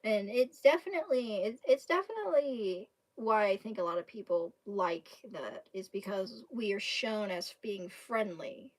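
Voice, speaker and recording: A woman's voice: medium pitch, animated. A woman from Kentucky with a Southern accent, chatting to her livestream viewers, laughing often as she rambles through a story. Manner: laughing often, rambling with restarts and drawn-out words. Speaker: livestream host. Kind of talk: casual storytelling chat to viewers.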